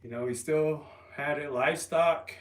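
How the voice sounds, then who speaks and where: A man livestreaming from home, talking in a loose, rambling way with lots of ums and restarts. His voice sits a bit high for a man. He is heard in a roomy space, a little away from the mic. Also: normal speed. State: resting an injured calf. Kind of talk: casual livestream chat. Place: home, lifting weights while streaming. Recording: roomy, from a distance.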